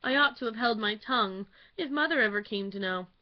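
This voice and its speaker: A woman's voice: a little high, fairly quick, lo-fi sound, natural voice. A woman voicing a frightened young ballet girl who blurts things out tearfully, in a storybook reading. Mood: fretful.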